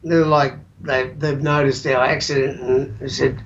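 An Australian man, a guest musician, telling rough anecdotes in casual chat and swearing freely. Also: medium pitch, flat delivery, moderate pace, dull audio, a little hiss or hum.

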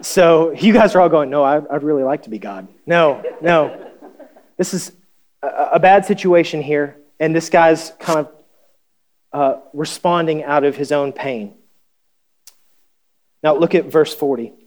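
A pastor preaching a conversational sermon, reading scripture and asking the congregation questions with wry humor. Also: male voice, on the high side, takes it slowly, pauses often, darkish tone.

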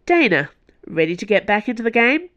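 Brief: brisk, hearty woman warrior, businesslike and bright-pitched, read by a woman. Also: big pitch swings, dull audio. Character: hearty brisk female musketeer.

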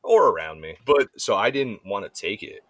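Low, deep-voiced man telling blunt stories. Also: big pitch swings, normal speed, fairly bright tone, dry recording. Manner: candid, swearing storyteller who acts out quoted voices. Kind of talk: casual chat.

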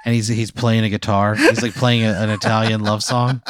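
A man's voice: lowish voice, little pitch movement, normal speed, a little hiss or hum. A man hosting a casual podcast, telling a long, rambling hypothetical full of "like" and casual swearing. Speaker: podcast host. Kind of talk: casual storytelling chat.

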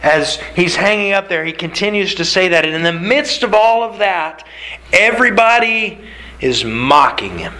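Animated bright-voiced preacher man. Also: sits high, moderate pace, rough recording. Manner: animated, emphatic storytelling with repeated phrases. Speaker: pastor. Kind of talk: sermon.

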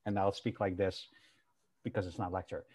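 A man's voice: low-pitched, level tone, normal speed, darkish tone, husky. A man, a university professor, talking candidly and with energy in a casual panel discussion over a video call, swearing freely.

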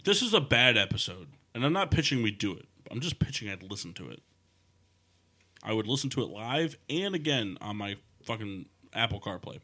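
A man hosting a casual podcast chat with a bright, sharp voice that swings widely in pitch. He is crude and joking and keeps steering the conversation. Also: very animated, brisk. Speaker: podcast host. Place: studio.

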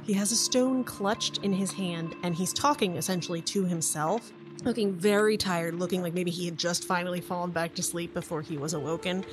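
A woman's voice: lowish voice, brisk, over music. Woman game master narrating.

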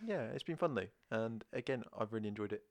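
A man's voice: lowish voice, expressive, quick pace. A man co-hosting a podcast, chatting casually in an upbeat way. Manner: chatty, upbeat sign-off patter. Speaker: podcast co-host. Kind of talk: casual chat.

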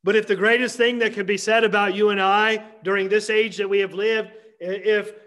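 A man preaching a Sunday morning sermon as pastor, emphatic with dramatic pauses and repetition. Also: sits high, level tone, fairly bright tone.

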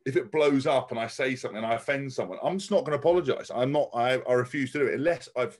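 A man's voice: mid-range voice, fast. A man speaking as a podcast guest, blunt and outspoken, swearing freely and often restarting his sentences. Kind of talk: casual podcast conversation.

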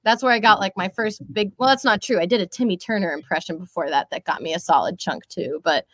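A young voice actress and social media creator chats in a casual interview, talking fast in a fairly low voice against a noisy background. She's bubbly and rambling, with plenty of fillers.

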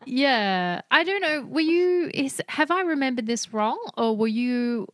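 Slow, thoughtful woman interviewer. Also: high voice, animated, fairly bright tone, no room sound, clean studio sound. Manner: thoughtful, hesitant, many fillers. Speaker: podcast host. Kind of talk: casual interview.

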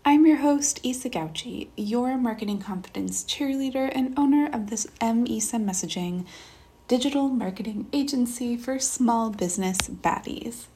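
A woman's voice: fairly high pitch, gravelly, darkish tone. A woman hosting a podcast, talking in an upbeat, hyped, casual way. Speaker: podcast host.

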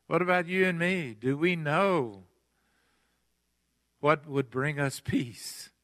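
A man preaching a sermon in a church, earnest, asking the congregation pleading questions and pausing between phrases. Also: a little high, fairly bright tone, no echo. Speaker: pastor. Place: church sanctuary.

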